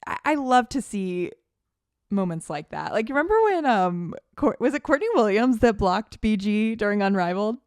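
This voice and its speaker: With lively intonation and a medium-pitched, slightly mellow voice, this woman co-hosts a podcast and talks basketball at normal speed, full of casual, gushing fan enthusiasm. The recording is dry and studio quality.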